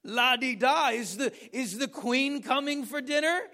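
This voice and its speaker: A man's voice: very high-pitched, a little slow, bright, forceful tone, voice pushed up, heavily acted. A man putting on the voice of a mocking English woman in a pub, in a haughty, teasing tone.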